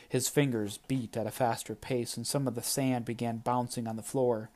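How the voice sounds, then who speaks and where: A man narrating a first-person audiobook chapter in a steady, plain storytelling manner. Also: mid-range voice, moderate pace, few pauses.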